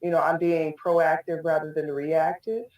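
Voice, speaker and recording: A woman's voice: sits low, level tone, normal speed, darkish tone. A woman guest in a casual online interview, answering thoughtfully with many ums. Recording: echoey room, distant mic.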